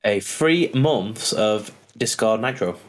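A man's voice: lowish voice, lively intonation, takes it slowly. A man co-hosting a podcast, chatting in an easygoing, self-deprecating way. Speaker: podcast co-host. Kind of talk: casual podcast chat.

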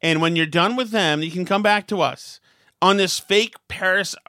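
A man's voice: high-pitched, moderate pace, pushed and bright, no echo, studio quality. A man hosting a political talk show, ranting with sarcastic exasperation. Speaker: host.

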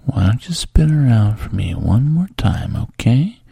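A whispered role-play in which a man plays a pushy young fraternity guy with a gravelly, breathy low voice. He coaxes slowly and lingers on pet names. The sound is close and dry. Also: very animated, dark tone, no echo, full character voice. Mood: coaxing. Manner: coaxing, calls the listener baby and sweetheart. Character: smooth-talking young male fraternity guy, coaxing and pushy.

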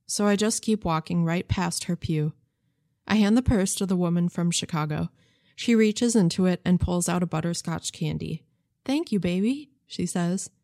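A woman reads a children's novel aloud for radio, her voice sitting fairly low. She tells it in a measured, gentle way, close to the microphone in a dry, dead studio. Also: gravelly, dry recording. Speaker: narrator.

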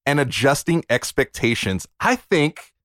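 A man's voice: mid-range voice, sing-song, unhurried, a bit bright, no echo, studio quality. A man hosting a casual podcast chat, playful and teasing, with self-deprecating jokes. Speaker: podcast host.

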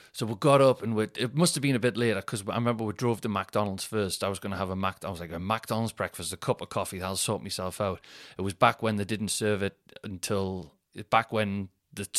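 A man's voice: lowish voice, fairly bright tone, dry recording, clean studio sound. A man, hosting a podcast and telling rambling, self-mocking comic stories. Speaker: podcast host. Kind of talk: comic storytelling monologue.

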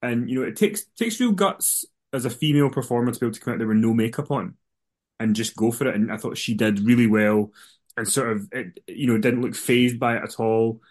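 A man's voice: mid-range voice, brisk. A man co-hosting a wrestling podcast in casual chat, rambling, with frequent restarts. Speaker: podcast co-host.

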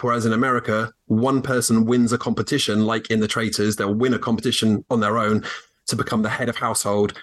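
A man's voice: on the low side, a bit bright. A man from England, guest co-host on a podcast, who laughs often and explains at length with fillers. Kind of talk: casual podcast chat.

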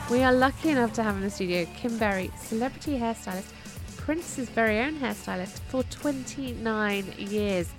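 A woman hosting a talk radio podcast in a studio, giving brisk, upbeat introductions. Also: a little high, music in the background. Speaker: podcast host.

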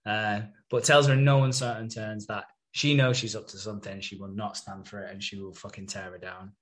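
A man's voice: on the low side, level tone, a little fast. A man co-hosting a podcast, casually recapping a soap episode and swearing freely. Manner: sweary, acts out characters' lines in retelling. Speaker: podcast co-host.

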